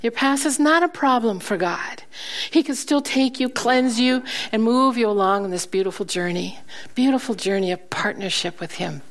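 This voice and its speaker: A woman preaching a sermon, telling stories with laughter between points, slowing down for emphasis and dropping to a soft, quiet voice. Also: fairly high pitch. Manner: slows down for emphasis, then drops to a soft, quiet voice. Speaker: guest preacher.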